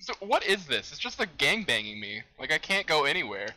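A young man commenting on a game he is playing, excitable, exclaiming and laughing at what happens on screen. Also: fairly high pitch, fairly quick, low-quality recording. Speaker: gamer. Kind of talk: let's play commentary.

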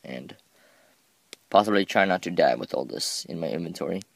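A man talks his way through a game in a loose, rambling commentary, poking fun at himself and tripping over words. His voice sits deep and carries a gravelly fry. The recording is dry and close, with no room sound. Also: lively intonation, moderate pace, no room sound. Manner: rambling, self-mocking, stumbles over words. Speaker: gameplay commentator.

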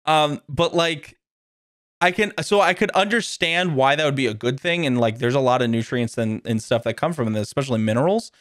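A man hosting a casual podcast chat, rambling and laughing often, slipping into high voices when he quotes people. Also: brisk, fairly bright tone, no echo, clean studio sound. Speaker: podcast host.

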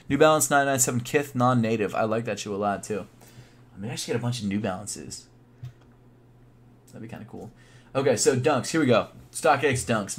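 A man's voice: mid-range voice, slight background noise. Laid-back young man rambling on stream. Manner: laid-back, rambling, thinking aloud with fillers. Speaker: sneaker YouTuber live streaming. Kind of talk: casual live-stream chat.

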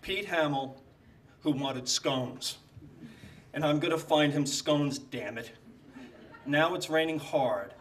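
A man reads his own tribute piece aloud at an event, dry and deadpan, landing his jokes with quiet timing. He sits a little back from the microphone in a hall, with a faint hum of room noise underneath. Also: a little high, distant mic. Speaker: speaker at a tribute evening. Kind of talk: reading a prepared humorous tribute. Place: lecture hall.

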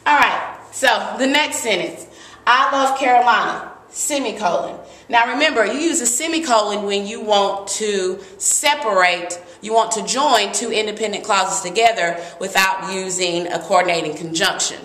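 A woman giving a lively grammar lesson, talking through example sentences with emphasis. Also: mid-range voice, moderate pace. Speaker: teacher. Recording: echoey room.

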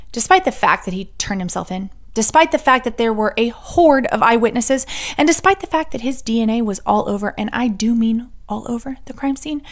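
A woman's voice: on the high side, animated, fairly quick. A woman hosting a true crime podcast, telling the story with sarcastic asides and the odd whispered joke. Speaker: podcast host.

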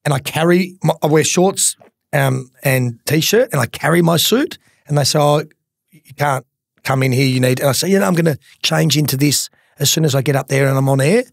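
A man's voice: fairly high pitch, brisk, vocal fry, no room sound, clean studio sound. An Australian man telling stories in a casual podcast chat, laid-back and self-mocking. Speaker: racing tipster and storyteller.

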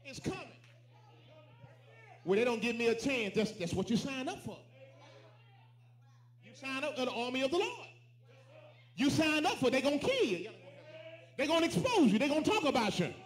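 A man with a very high voice preaches, calling out lines for the congregation to repeat and climbing into shouts. His rings through a roomy church sanctuary with plenty of echo. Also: big pitch swings, normal speed, long pauses. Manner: preaching with call and response, shouting at peaks. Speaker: pastor. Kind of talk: sermon. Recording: echoey church room.

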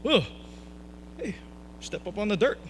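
A man's voice: high voice, sing-song, measured pace, fairly bright tone, slight background noise, exaggerated voice. A man voicing a clever male donkey stuck in a well, muttering wryly to himself. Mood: grumbling.

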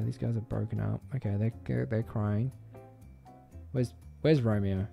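A man streaming a game, giving casual commentary in a joking, excitable way and swearing freely. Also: medium pitch, normal speed, creaky, faint music behind.

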